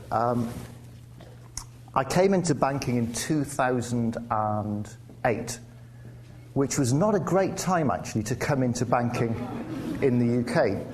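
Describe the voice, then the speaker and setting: A man from England giving a conversational public lecture with wry asides and frequent restarts. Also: medium pitch. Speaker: guest speaker. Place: lecture theatre. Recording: faint background noise in a lecture hall.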